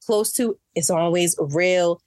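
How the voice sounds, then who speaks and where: A woman telling a story in casual chat, animated and acting out what people said, getting exasperated as she goes. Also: on the low side, takes it slowly, no room sound, clean studio sound. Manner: animated, acts out quotes, rising exasperation. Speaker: guest.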